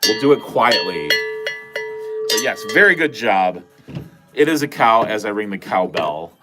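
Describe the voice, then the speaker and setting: Over music, a livestream host from Wisconsin rambles casually with his viewers, swearing from time to time. His nasal, fairly low voice carries a Wisconsin accent and big pitch swings, and he talks a little slowly.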